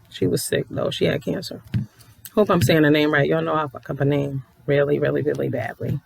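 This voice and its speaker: This YouTube commentator is a woman with a low, creaky voice, recorded dry. She rants at her viewers in a blunt, sassy way, cursing freely and speaking to them directly.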